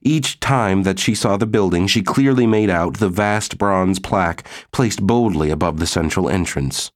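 A man narrating an audiobook in a steady, measured way. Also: deep voice, dry recording, studio quality. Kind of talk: scripted narration.

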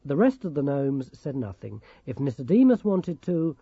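A man reading a storybook aloud in a calm, even manner. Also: mid-range voice, normal speed, slightly rough, no room sound, dull audio. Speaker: audiobook narrator. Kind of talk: scripted storybook narration.

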